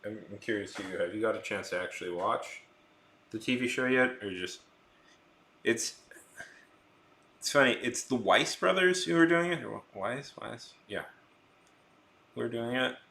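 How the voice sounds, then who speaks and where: A young man chats loosely with his live stream audience, rambling from one joke to the next and often restarting his sentences. His voice is strikingly bright and sharp, with a very animated, swooping pitch. The room adds a clear echo around him. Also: moderate pace, long pauses. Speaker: art streamer. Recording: roomy echo.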